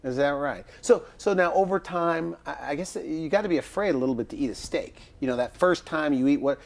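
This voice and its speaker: A male interviewer from the United States asking brisk, lively questions with short acknowledgments. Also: on the high side, gravelly. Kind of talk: casual interview.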